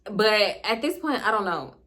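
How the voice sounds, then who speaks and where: A young woman telling a personal story to camera in a casual, animated way, laughing often and dropping into hushed asides, in African American Vernacular English. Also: mid-range voice, moderate pace. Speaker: storytime vlogger.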